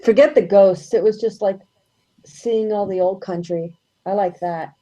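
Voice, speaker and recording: Mellow-voiced, blunt, foul-mouthed woman. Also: mid-range voice, steady tone, a little slow, highs cut off. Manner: blunt and profane, laughs easily. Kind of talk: casual group chat.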